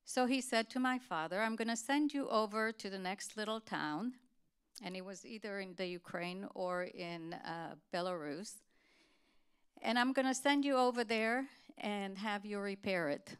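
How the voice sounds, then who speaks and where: A woman giving a talk, telling a family story to an audience in an earnest, steady way. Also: mid-range voice, measured pace, clear, resonant tone. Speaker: guest speaker.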